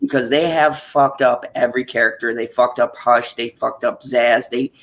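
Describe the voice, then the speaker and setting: A woman's voice: rumbling low, fairly even intonation, normal speed. A woman hosting a casual stream, ranting in a profane, exasperated way with frequent laughter. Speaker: streamer hosting an open chat.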